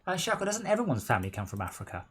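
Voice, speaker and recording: A man's voice: mid-range voice, huge pitch swings, racing, fairly bright tone, a little hiss or hum. A man in blunt, teasing banter while playing a game on stream, often stumbling over his words. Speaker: gaming stream regular.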